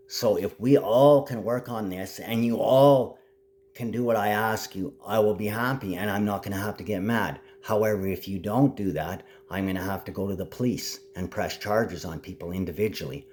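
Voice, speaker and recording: A man with a lowish voice rants on in a rambling, grandiose monologue. He drops to mutters and then rises to loud declarations, with a faint hum underneath. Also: normal speed.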